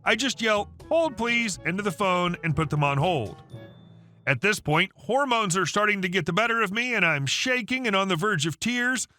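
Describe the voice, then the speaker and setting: Bright, lively male story narrator. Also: high voice, soft background music. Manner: brisk, chatty first-person storytelling. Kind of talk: scripted narration of an online story.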